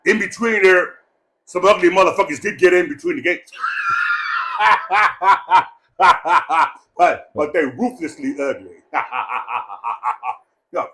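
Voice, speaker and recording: A man giving a rambling, joking eulogy at a memorial gathering, loud and full of swearing. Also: high voice, a little fast. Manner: profane, loud and jokey, breaks into laughter.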